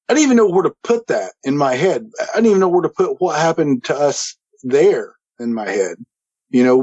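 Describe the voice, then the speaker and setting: A man telling his paranormal experience in a casual, animated way, acting out what people said, with frequent restarts. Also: medium pitch, highs cut off. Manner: animated, quotes others and himself, many restarts. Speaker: guest telling a paranormal story. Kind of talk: casual storytelling.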